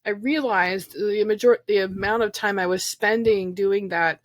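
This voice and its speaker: A woman's voice: medium pitch, a little slow, no room sound. Reflective woman co-hosting a podcast. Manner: reflective, rambling with fillers, laughs easily. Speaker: podcast co-host. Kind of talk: casual podcast chat about trauma recovery.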